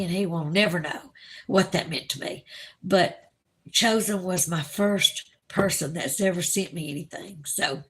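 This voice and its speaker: A woman's voice: medium pitch, a bit bright. A woman from Alabama with a Southern accent, chatting casually on a livestream and gushing over her viewers. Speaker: livestream host. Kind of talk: casual livestream chat reading viewer comments.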